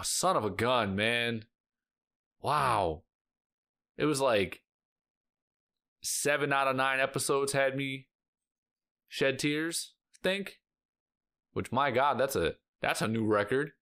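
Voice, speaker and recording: A man's voice: mid-range voice, a bit bright. A man talking casually to his viewers as a reaction vlog host, rambling with lots of "like" fillers and emotional sighs and exclamations. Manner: rambling, heavy use of filler "like".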